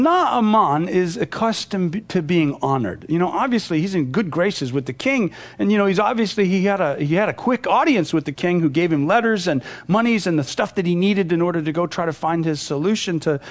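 A man's voice: sits high, moderate pace, creaky. A man teaching a Bible passage verse by verse, explaining and retelling it in a conversational way.

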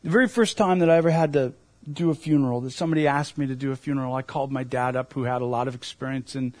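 A man's voice: mid-range voice, fairly even intonation, racing, a little mellow, dry recording. A man preaching a sermon as a pastor, earnest and emphatic, asking his listeners questions.

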